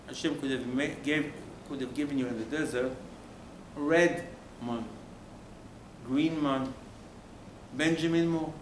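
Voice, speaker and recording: A man's voice: medium pitch, fairly even intonation, unhurried, pauses often. A man, a rabbi, giving an emphatic Torah sermon, firing rhetorical questions at his listeners and dropping suddenly to a near-whisper. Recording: roomy room with faint ambient noise.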